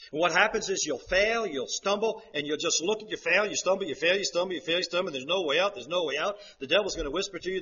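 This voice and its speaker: A man preaching a sermon, swinging between hushed, quiet stretches and loud, fervent passages. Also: a little high, husky, dull audio.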